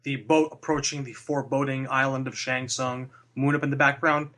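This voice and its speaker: A man co-hosting a casual comic review, animated and jokey, with quick asides. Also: medium pitch. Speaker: podcast co-host.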